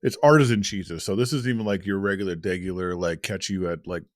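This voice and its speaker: Deep-voiced rambling male co-host. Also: fast talker, no room sound, clean studio sound. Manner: rambling, filler-heavy, laughs often. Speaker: podcast co-host. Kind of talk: casual podcast banter.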